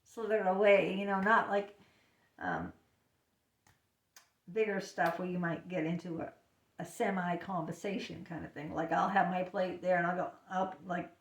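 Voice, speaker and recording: A woman's voice: fairly low pitch, fairly even intonation, normal speed, distant mic. Chatty woman in an echoey room. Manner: chatty, lots of fillers, acts out little voices. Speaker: talker sharing personal experience. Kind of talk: casual personal chat. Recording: echoey room, speaker away from the mic.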